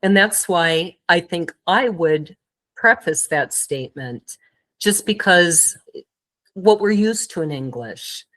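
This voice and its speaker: Female podcast host from Germany, reflective, slightly low voice. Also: lively intonation, takes it slowly, a bit bright, low-quality recording. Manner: thoughtful, asks questions at length. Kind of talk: conversational podcast interview.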